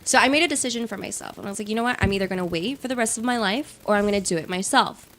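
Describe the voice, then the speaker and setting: A woman guest tells a personal story on a podcast in a lively, conversational way. She keeps checking in with "right?" and fills her speech with "like". Her voice sits in an ordinary middle range, with light background noise. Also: mid-range voice, rapid-fire. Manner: animated storyteller, many "like" and "right?". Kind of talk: casual chat.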